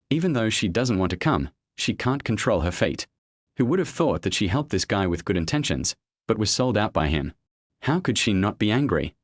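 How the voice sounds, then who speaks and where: A male narrator reads a web novel aloud with steady storytelling. His voice sits low but swings widely in pitch. The recording is dry and close, with no room sound. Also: dry recording.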